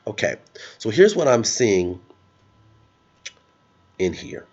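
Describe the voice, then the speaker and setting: A man's voice: fairly low pitch, big pitch swings, takes it slowly, a little mellow, breathy edge. Sarcastic man in lo-fi vlog. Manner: sarcastic, laughs at his own jokes. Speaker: political vlogger. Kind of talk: casual political commentary.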